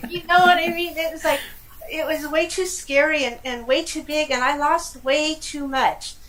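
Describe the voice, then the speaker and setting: A middle-aged woman from California with a high voice tells her own story in an interview. She talks in a lively, animated way, with frequent laughs and exclamations. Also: normal speed, a loud crowd, poor audio. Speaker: guest. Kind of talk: casual personal storytelling.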